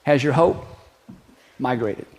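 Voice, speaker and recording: A man's voice: medium pitch, slow pace, darkish tone. A middle-aged male pastor giving a conversational, joking sermon. He piles up rhetorical questions and leads the congregation in a spoken declaration.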